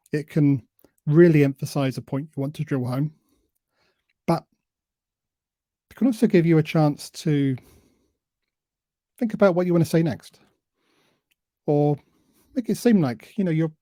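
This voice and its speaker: A man giving a presentation on public speaking, who admits he tends to talk too fast and deliberately varies his pace and emphasis. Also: fairly high pitch, mellow, no room sound. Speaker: invited speaker.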